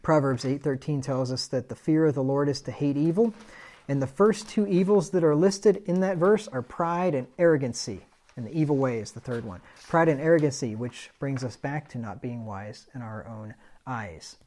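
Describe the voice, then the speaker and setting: With a mellow, medium-pitched voice at normal speed, this middle-aged preacher keeps his Bible study relaxed and conversational. He reads scripture aloud and lets out self-deprecating chuckles.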